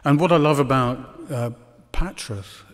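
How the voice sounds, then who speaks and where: A man's voice: medium pitch, a little slow. A man giving a conference lecture, hesitant with many ums and dry ironic asides. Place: lecture hall. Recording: long hall reverb.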